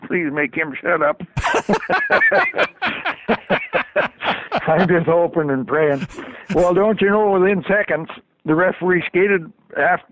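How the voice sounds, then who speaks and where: An older man telling a story in a folksy, animated way, chuckling as he goes. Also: on the high side, no room sound. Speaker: storyteller guest. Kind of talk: casual anecdote on radio. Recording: tinny phone line on radio.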